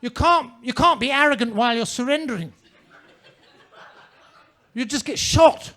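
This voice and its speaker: Pompous, bright-voiced stand-up comedian. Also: male voice, very high-pitched, moderate pace. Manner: pompous, ornate wording. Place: comedy club stage.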